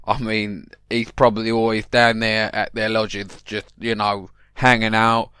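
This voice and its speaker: Man, comic podcast host, mock-paranoid rambler, smooth voice, dry close mic. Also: on the low side, flat delivery, unhurried, pushed and bright, no echo. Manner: addresses the listener directly. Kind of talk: mock-serious comic monologue.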